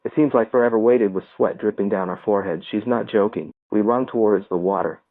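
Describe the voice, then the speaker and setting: A man reading a first-person story aloud as an audiobook narrator, telling it in a steady storytelling manner. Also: fairly low pitch, brisk, no room sound. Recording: tinny phone-like dry sound.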